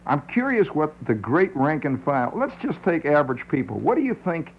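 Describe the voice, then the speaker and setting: A man's voice: on the high side, sing-song, fairly quick, a little hiss or hum. A male radio talk show host musing in a wry, digressive monologue, often laughing at his own points, on a dull old radio recording. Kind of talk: rambling conversational monologue.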